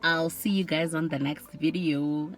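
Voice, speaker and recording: A woman's voice: deep voice, fairly even intonation, measured pace, loud music behind the voice. A young woman telling a personal story to camera in a candid, exasperated way, with plenty of "like". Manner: candid, exasperated, often says "like". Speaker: vlogger.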